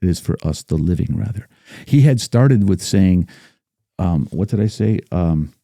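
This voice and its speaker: A man's voice: low voice, lively intonation, moderate pace, creaky, dark tone, dry recording, studio quality. A man, a battlefield guide guest on a podcast, speaking emphatically and reciting passages with building force. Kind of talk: casual podcast discussion.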